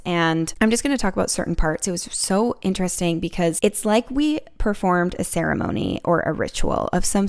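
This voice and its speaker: Chatty young woman host, smooth low voice. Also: darkish tone. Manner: chatty, repeats words, many "like" fillers. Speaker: podcast host. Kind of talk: casual personal storytelling.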